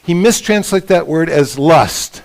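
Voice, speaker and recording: An older man teaching a Bible session at a couples retreat, lively and often checking in with the audience. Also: on the high side, measured pace, creaky, rough recording. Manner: lively, asks the audience for agreement. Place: conference room at a resort.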